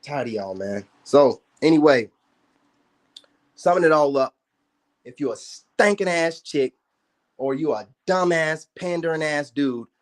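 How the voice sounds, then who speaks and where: A man in a blunt, confrontational rant to his online viewers, profane and repetitive. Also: a little high. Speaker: social media commentator. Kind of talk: ranting monologue to viewers.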